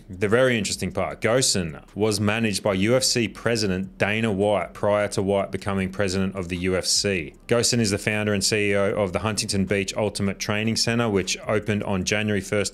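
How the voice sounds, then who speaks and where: A man hosting a casual commentary video, telling a story in a chatty, animated way. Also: on the low side. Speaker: host.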